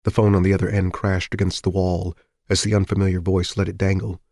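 A man narrating an audiobook in a steady, measured, scripted read. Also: low-pitched, creaky, no echo, clean studio sound.

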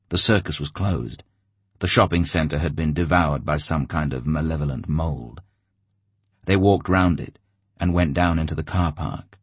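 A man reading an audiobook in steady, measured scripted narration. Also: extremely low pitch, slightly rough, dry recording.

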